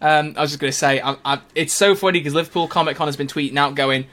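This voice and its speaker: A man chatting as a podcast co-host, his voice bright and a little high for a man. He talks at a fast clip, gets excited easily, laughs a lot and stumbles over his own words. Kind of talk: casual chat.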